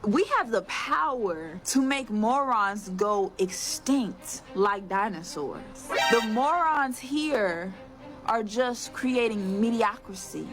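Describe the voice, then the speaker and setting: A woman's voice: medium pitch, animated, slow pace. A woman delivering an emphatic, scolding rant with a sassy edge. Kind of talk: ranting monologue. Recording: music playing behind the voice.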